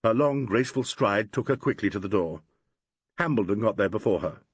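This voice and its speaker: A man giving expressive scripted narration of a mystery audiobook. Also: lowish voice, brisk, breathy edge, no echo.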